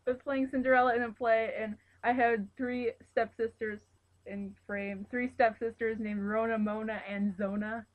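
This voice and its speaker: A woman's voice: a little high, fairly even intonation, moderate pace. A young woman chatting casually, a bit shy and giggly as she tells a story. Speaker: vlogger's cousin. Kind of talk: casual chat. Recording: dull lo-fi webcam audio.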